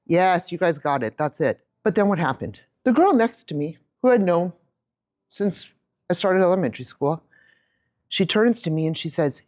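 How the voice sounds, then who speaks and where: Woman in her 50s doing a keynote, lively storytelling into a handheld mic, acts out the bits. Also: lowish voice, normal speed. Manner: animated storyteller, acts out quotes. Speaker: keynote speaker. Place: room with a live audience.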